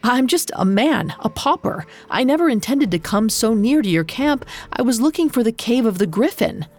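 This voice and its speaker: Woman putting on a frightened pauper, storybook, trembling, pleading, higher pitch. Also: lively intonation, normal speed, mellow. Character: poor, timid young man caught by warriors.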